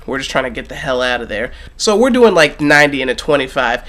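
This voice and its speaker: A young man vlogging, telling a story animatedly and swinging between loud bursts and hushed asides. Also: medium pitch, big pitch swings, quick pace. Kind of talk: casual storytelling vlog.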